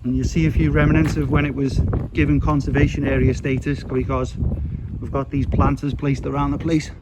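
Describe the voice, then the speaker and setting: A man's voice: mid-range voice, flat delivery, fairly quick. A man narrating a casual walking vlog outdoors, chatty and rambling, with fillers. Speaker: vlogger. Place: outdoors on a street. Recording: outdoor traffic noise behind.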